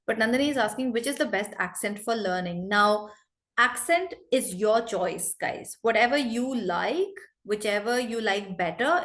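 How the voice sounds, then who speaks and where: A woman with an Indian English accent teaching an online class over a video call, briskly scolding students who laugh and talk. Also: mid-range voice.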